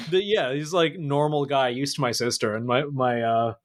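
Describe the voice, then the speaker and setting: Laid-back man hosting a podcast. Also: medium pitch. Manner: laid-back, profane, deadpan jokes. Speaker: podcast host. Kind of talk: casual podcast chat.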